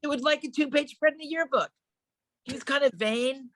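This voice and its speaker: Deadpan woman in her sixties telling stories. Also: high-pitched, fairly quick, dry recording. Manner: deadpan storytelling, acting out quoted voices. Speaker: comedian guest. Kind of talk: casual chat.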